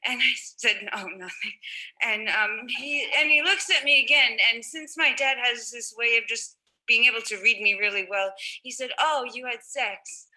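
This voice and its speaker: Bright-voiced young woman telling a story. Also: fairly high pitch, poor audio. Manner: halting, many fillers and restarts. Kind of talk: personal storytelling.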